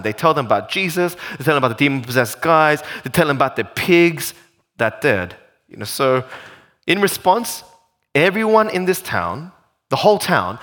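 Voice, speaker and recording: A male pastor preaching a sermon, animated and full of rhetorical questions. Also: fairly high pitch.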